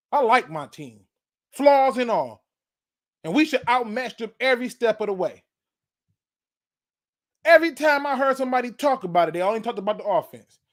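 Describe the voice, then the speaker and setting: A man hosting his own sports channel, delivering a fired-up fan rant that hammers the same points again and again. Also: extremely high pitch. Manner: fired-up, preachy, repeats points.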